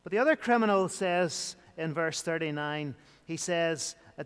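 A man's voice: on the high side, normal speed, clear, resonant tone, long reverb tail. A man preaching an evening sermon in an earnest, repetitive style, building emphasis as he goes.

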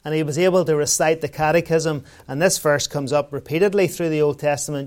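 A man preaches with a voice pitched a little above most men's. He keeps it conversational, asking his listeners rhetorical questions and weaving in everyday anecdotes. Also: fairly even intonation, a little fast, hardly any pauses. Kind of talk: sermon.

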